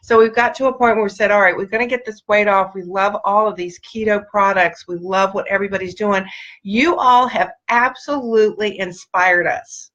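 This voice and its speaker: A woman's voice: mid-range voice, fairly even intonation, moderate pace, fairly bright tone, dull audio. A middle-aged woman hosting a casual live video chat, greeting viewers by name in an upbeat, gushing way. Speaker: host.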